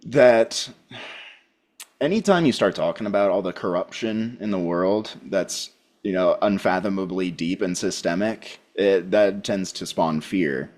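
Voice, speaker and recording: Calm man, deep voice, unhurried, reflective podcast co-host. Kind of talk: casual spiritual podcast chat.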